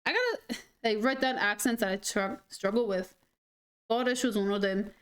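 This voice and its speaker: A woman's voice: mid-range voice, normal speed. A young woman streaming a game, chatting casually in a rambling, giggly way full of "like". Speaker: gaming streamer. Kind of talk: casual chat over gameplay.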